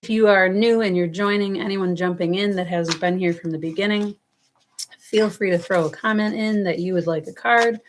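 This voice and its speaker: A woman's voice: medium pitch, steady tone, moderate pace, a little hiss or hum. A woman with a New York accent giving a casual live tarot reading, rambling affectionately and calling her viewers loves and darling. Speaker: tarot reader. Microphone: webcam or phone on a livestream.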